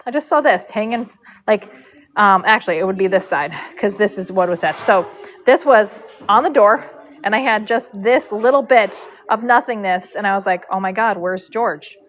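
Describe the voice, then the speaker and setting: A woman recounts a story on a casual livestream. Her delivery is animated and rambling, and she often fills pauses with "um" and "like". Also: mid-range voice, slight background noise, rough recording. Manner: animated, rambling, with frequent fillers. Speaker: horse braider and live streamer.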